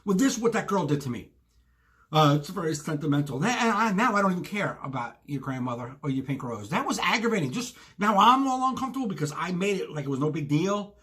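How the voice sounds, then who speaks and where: Animated, exasperated man ranting. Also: sits high, quick pace. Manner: exasperated storytelling, with many asides. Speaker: podcast co-host. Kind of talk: ranting solo monologue. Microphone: self-recorded video.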